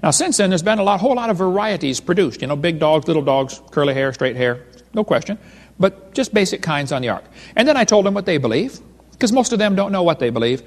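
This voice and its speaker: A man's voice: sits high, big pitch swings, fast talker. A man giving a humorous creation seminar lecture, telling folksy stories and cracking wise jokes to a live audience. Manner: folksy, wisecracking storyteller. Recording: long hall reverb.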